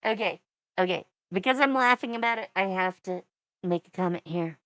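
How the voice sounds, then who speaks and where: A woman's voice: mid-range voice, normal speed, fairly bright tone, no echo. A woman in her forties giving casual reaction commentary as a VTuber, with wry, rambling asides.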